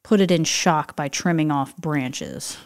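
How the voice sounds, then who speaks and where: Woman co-host, slightly low voice, chatty and explanatory, casual talk. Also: measured pace, darkish tone. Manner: explanatory, chatty, many affirming yeses. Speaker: podcast co-host. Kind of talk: casual chat.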